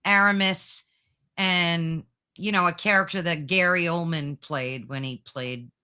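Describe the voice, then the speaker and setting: A woman's voice: on the low side, steady tone, a little slow, pushed and bright, clear, resonant tone. A woman hosting an interview, asking curious questions with enthusiasm. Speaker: podcast host. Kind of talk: interview conversation.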